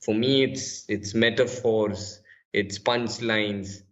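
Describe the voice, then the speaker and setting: A man with an Indian English accent talks casually as a podcast guest. His voice sits a little low and his words tumble out with frequent restarts and repeated words. The recording sounds dull and lo-fi. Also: fairly even intonation, slow pace, fairly bright tone. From Kerala, India. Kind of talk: casual conversation.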